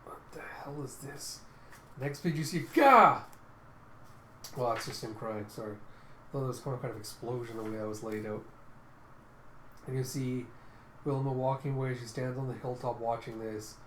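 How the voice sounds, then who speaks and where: A man's voice: medium pitch, fairly even intonation, fairly quick, a little mellow, a little hiss or hum. A man reading a comic book aloud in a casual, chatty way. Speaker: manga reader. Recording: echoey room.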